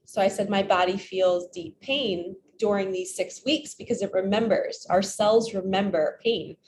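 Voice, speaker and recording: A woman's voice: mid-range voice, steady tone, unhurried, a little mellow, slight background noise. A woman speaking as a spiritual coach in a casual vlog, chatting and telling stories in which she quotes her own inner voice. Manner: chatty, retells stories with quoted self-talk.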